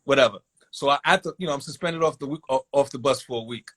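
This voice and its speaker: A man telling a long personal story in a casual, animated way, acting out voices in quotes. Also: mid-range voice, fast.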